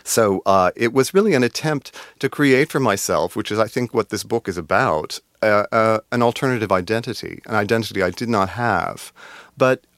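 A very low-voiced man with a put-on, refined British-tinged American accent reads from his memoir and then answers questions. His delivery is deliberate and noticeably artificial, broken by pauses and fillers when he speaks off the cuff. The sound is close and dry. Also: a bit bright, no room sound. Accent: affected refined British-tinged American. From United States. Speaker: memoir author, guest.

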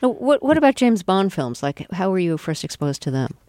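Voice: medium pitch, very animated, a little fast, darkish tone, no room sound. An interview host asking curious questions and laughing easily.

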